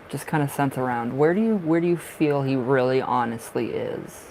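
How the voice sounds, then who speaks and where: A man with a raspy smoker's voice doing tarot readings on a livestream, chatting in a rambling way and laughing often. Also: mid-range voice, moderate pace, darkish tone, slight background noise, rough recording. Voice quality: raspy from smoking. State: short of breath at times. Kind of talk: casual livestream chat.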